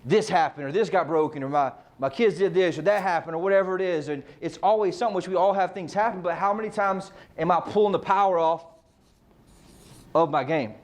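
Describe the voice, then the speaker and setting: Male real estate coach, a bit high in pitch, casual motivational speaker who peppers the room with rhetorical questions and swears. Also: brisk. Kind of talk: motivational team meeting talk.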